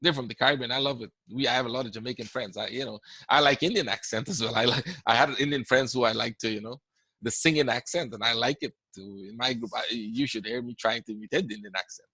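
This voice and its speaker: A man's voice: medium pitch, fast talker, sharp tone, slightly rough, no room sound. A man with a Guyanese accent, hosting a trading webinar in a conversational way, often checking in with "right?" as he answers questions. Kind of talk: live webinar Q&A talk.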